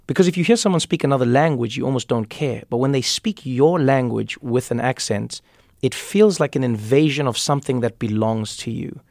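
A man speaks in a gravelly voice, recorded dry and close with no room sound. He is a comedian and author giving a thoughtful interview, and he often repeats words as he works through an idea. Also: medium pitch, a little fast, a little mellow, dry recording. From South Africa. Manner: reflective, repeats words while thinking. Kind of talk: conversational interview.

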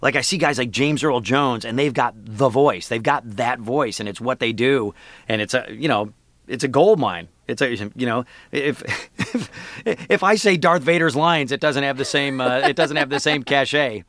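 A man's voice: medium pitch, moderate pace, a bit bright, no room sound. Chatty self-deprecating man in a dry studio. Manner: chatty, self-deprecating, many fillers and laughs. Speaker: voice actor guest. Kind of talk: radio interview chat.

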